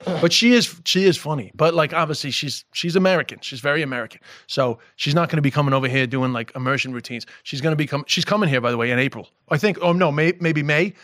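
A middle-aged comedian from New York swaps stories on a podcast, his voice sitting a little high for a man. He talks in an animated, profane rush, and the sound is close and dry with no room in it. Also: fast talker, dry recording. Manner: animated, profane storytelling with bursts of laughter. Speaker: guest comedian. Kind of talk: casual podcast chat.

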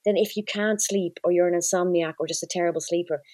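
A woman's voice: lowish voice, steady tone, fast talker, darkish tone, no echo. A woman, co-hosting a podcast from her living room, wry and teasing as she gives her opinions. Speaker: podcast co-host. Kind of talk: casual chat.

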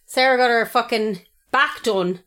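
A woman's voice: a little high, a little slow, a bit bright. A woman co-hosting a podcast, chatting casually in a blunt, teasing way with plenty of swearing. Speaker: podcast co-host. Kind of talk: casual chat.

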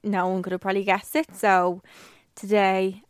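A woman's voice: mid-range voice, level tone, normal speed, smooth, no echo, clean studio sound. A young woman in her twenties, co-hosting a podcast and telling stories in casual, chatty talk with the odd swear. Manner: chatty storyteller, swears freely. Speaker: podcast co-host. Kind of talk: casual chat.

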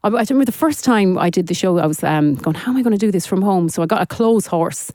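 A woman's voice: mid-range voice, animated, quick pace, darkish tone, dry recording. A middle-aged Irish woman chatting casually in a radio studio interview, rambling with lots of fillers and restarts. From Ireland. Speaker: singer guest. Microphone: studio mic.

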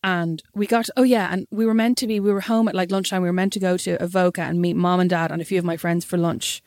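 A woman's voice: lowish voice, fairly even intonation, fast talker, darkish tone, no room sound, studio quality. A young Irish woman, a podcast co-host, telling a story in casual chat and acting out the quotes.

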